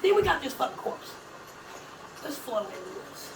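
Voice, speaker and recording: High, gravelly woman ranting from afar. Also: very animated, normal speed, long pauses. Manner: profane, emphatic ranting. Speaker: commentator. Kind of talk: heated religious commentary. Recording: echoey room, distant mic, noisy.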